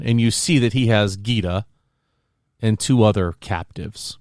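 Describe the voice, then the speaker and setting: A man co-hosting a casual podcast chat, retelling a film scene by scene in an animated way. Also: on the low side, normal speed, no room sound, studio quality. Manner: animated storyteller, acts out scenes. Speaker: podcast co-host.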